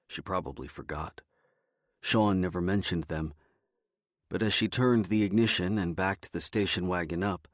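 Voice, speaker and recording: A man narrating a novel in a measured, even storytelling manner on a close studio mic. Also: deep voice, no room sound. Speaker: audiobook narrator. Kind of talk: scripted first-person narration.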